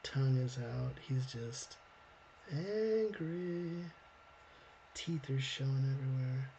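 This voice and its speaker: A gravelly, mid-pitched man hosts a casual live drawing stream, talking through each step as he sketches. His chatty delivery comes through a desk microphone, with a faint hiss of noise behind it. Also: takes it slowly, mellow. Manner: chatty, thinks aloud while drawing, laughs often. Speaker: storyboard artist hosting a live stream.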